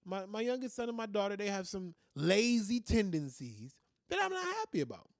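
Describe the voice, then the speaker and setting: A man's voice: high voice, normal speed, creaky, no echo, studio quality. A man, talking casually about parenting and acting out his children's voices as he tells stories. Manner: animated storytelling, acts out his kids' voices. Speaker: podcast host.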